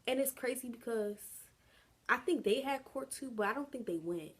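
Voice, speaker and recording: A woman's voice: a little high, expressive, normal speed, breathy edge. A young adult woman telling a casual storytime vlog, chatty and slangy, drawing the story out. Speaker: vlogger.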